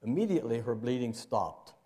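A man's voice: expressive, brisk, warm tone. An older man preaching a sermon to his congregation in a folksy, conversational way. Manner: conversational, folksy, jumps into high playful voices for asides. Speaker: pastor. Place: church sanctuary.

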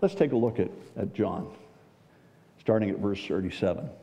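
Mellow-voiced man preaching in a hall. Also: fairly low pitch, normal speed. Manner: asks listeners rhetorical questions. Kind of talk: Bible teaching sermon. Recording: dull recording with long hall reverb.

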